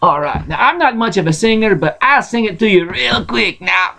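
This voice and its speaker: High-voiced man reading a folksy story. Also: expressive, moderate pace, vocal fry, pushed and bright, poor audio. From Russia. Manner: folksy, rambling asides. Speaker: storyteller host. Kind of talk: casual bedtime story reading.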